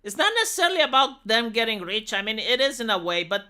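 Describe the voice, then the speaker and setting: A woman talks straight to her livestream viewers in a loose, profane rant. Her pitch sits a little high and bounces around a lot, and her tone is bright and sharp. She stumbles over words, repeats herself and keeps tossing in exasperated curses. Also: animated, quick pace. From Romania. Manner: profane, exasperated, many restarts and fillers.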